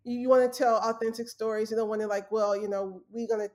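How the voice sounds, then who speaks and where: A woman's voice: a little high, steady tone, fast talker, darkish tone. An earnest young adult woman telling her story in a casual interview, with fillers and restarts. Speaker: guest, former journalist.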